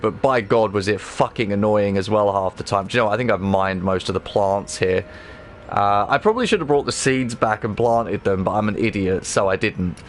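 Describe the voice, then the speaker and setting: A man streaming himself playing a game, chatting casually to viewers with rambling, excitable talk and frequent swearing. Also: lowish voice, slight background noise. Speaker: livestreamer. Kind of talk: casual gameplay livestream chat.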